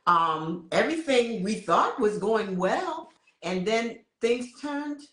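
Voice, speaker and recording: A woman's voice: a little high, lively intonation, takes it slowly, a bit bright, reverberant. A woman co-hosting a casual conversation, a supportive listener who affirms her guest. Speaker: co-host.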